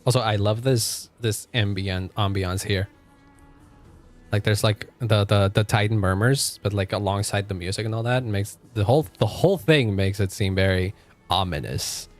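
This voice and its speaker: A man's voice: lowish voice, moderate pace. A male streamer casually commenting on a game as he plays and chatting with his viewers. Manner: chatty, reactive, talks to chat. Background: faint game music.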